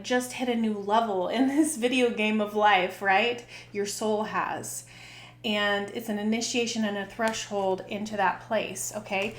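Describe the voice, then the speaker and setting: A woman's voice: mid-range voice, fairly bright tone, roomy sound. A woman giving a casual tarot reading in a chatty, filler-heavy way, often tagging on "right?" and "okay?". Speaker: tarot reader and spiritual coach.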